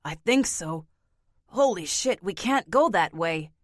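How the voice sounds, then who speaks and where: A woman voicing a weary grown man surviving in a wasteland, speaking low and terse. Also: animated, slow pace, no room sound, studio quality. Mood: shaken.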